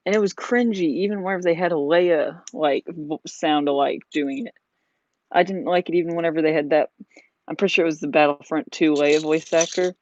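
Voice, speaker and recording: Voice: mid-range voice, steady tone, brisk, a little mellow, no echo. A vlogger chatting casually while building a model, rambling with lots of "like" and "you know.". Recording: dull lo-fi sound.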